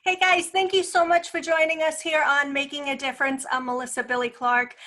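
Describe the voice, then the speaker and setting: A woman's voice: sits high, level tone, fairly quick, sharp tone, reverberant, distant mic, rough recording. A woman hosting a talk show, introducing and interviewing a guest in an enthusiastic, laughing manner. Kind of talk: upbeat interview.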